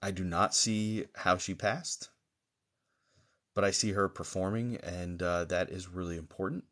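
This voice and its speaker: During a live-streamed psychic reading, a male medium speaks in a slightly lower-than-average voice with fairly even intonation. He gropes his way forward hesitantly, full of pauses and fillers, yet remains gentle and comforting toward viewers.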